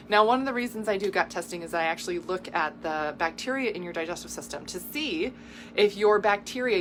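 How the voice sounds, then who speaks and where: A woman giving a casual health talk as a coach, chatty and quick to laugh, explaining things with lists and asides. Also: mid-range voice, a bit bright, slight background noise.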